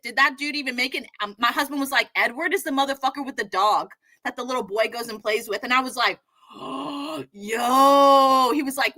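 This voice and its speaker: A young adult woman co-hosting a casual livestream show, talking in an animated, profane way and acting out quotes in high shouts. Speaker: podcast co-host.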